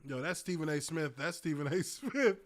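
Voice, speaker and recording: A man in his thirties giving casual live-stream commentary, excitable and hyped, laughing often. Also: on the high side, moderate pace.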